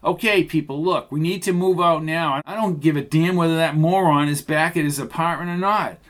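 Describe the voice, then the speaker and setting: Male reader playing a gruff cowboy trucker around forty, terse, takes charge. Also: a little high, moderate pace, fairly bright tone, pitched above the performer's own voice, close to an everyday voice. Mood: commanding. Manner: terse, commanding.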